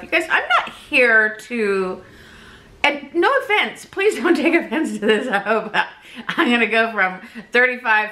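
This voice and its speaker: A woman vlogger chatting casually to her camera, animated and talkative, often laughing. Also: fairly high pitch. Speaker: weight-loss vlogger.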